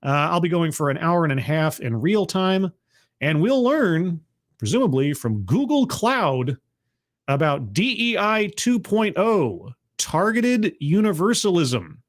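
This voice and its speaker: A man hosts a relaxed livestream, talking at a fairly high pitch with a lively, bouncing delivery. He is chatty and a little sardonic, greeting viewers one by one. His voice sounds slightly rough, as if not fully warmed up. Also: a little slow. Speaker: livestream host. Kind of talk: casual livestream commentary.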